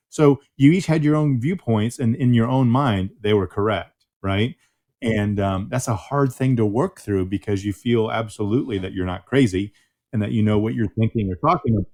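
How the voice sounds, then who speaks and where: Low-voiced male podcast host, reflective. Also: normal speed, a little mellow. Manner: reflective, sums up with "right?". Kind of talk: casual conversational reflection.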